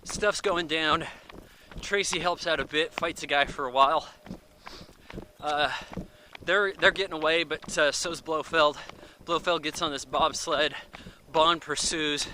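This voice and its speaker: A man giving a casual, rambling movie review, full of fillers and quick acted-out asides, recorded outdoors near traffic. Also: on the high side, steady tone, bright, forceful tone, rough recording.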